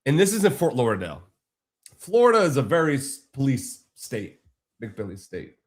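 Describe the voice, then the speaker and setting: A man's voice: mid-range voice, very animated, moderate pace. A man casually telling a long, frustrated story on a live stream, rambling and swearing freely.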